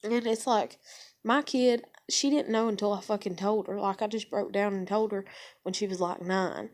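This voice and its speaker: A woman's voice: mid-range voice, steady tone, moderate pace, a little mellow. A woman in her thirties ranting to camera in a casual vlog, rambling, heavy with swearing, upset and near tears. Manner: profane, rambling, heated. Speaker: vlogger.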